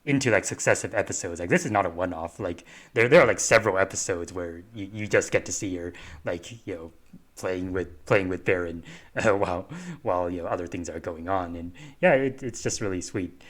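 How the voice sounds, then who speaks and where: Low-voiced man, halting casual chat. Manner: halting, many fillers and restarts. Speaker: podcast co-host.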